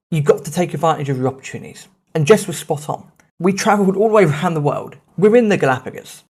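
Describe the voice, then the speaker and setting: A man, hosting a podcast and telling a travel story in a lively, self-mocking, casual way. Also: on the high side. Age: 30s. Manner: animated, self-mocking anecdote telling with swearing. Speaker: podcast host.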